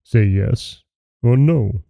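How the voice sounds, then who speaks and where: A man voicing a gruff but gentle male beast in a fairy-tale reading, speaking slowly and low. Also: no room sound, studio quality. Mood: solemn. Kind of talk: storybook reading.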